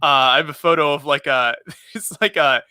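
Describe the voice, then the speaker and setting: A man's voice: on the high side, normal speed, pushed and bright, clear, resonant tone, dry recording, clean studio sound. A man hosting a casual live stream chat, rambling with lots of fillers and frequent laughter over a remote call mic. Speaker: podcast host.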